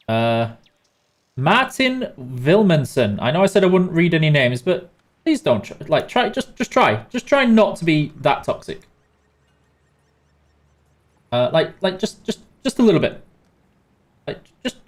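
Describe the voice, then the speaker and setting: A British man with a fairly high voice hosts a live game stream, reading out chat names and guiding new players through the basics. He's chatty, with lots of fillers and restarts.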